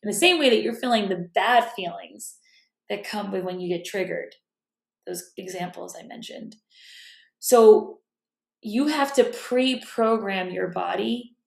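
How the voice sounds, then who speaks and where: Woman self-help speaker, thoughtful and casual, with a touch of vocal fry, recorded in a roomy, echoey space at home. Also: medium pitch. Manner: thoughtful, self-correcting, drops to a whisper at times. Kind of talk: casual reflective talk. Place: room at home.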